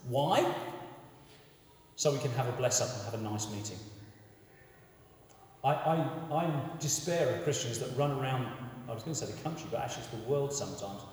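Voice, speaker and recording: A man preaching a sermon in a conversational, animated way, often repeating words as he restarts. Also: medium pitch. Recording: echoey hall from far off.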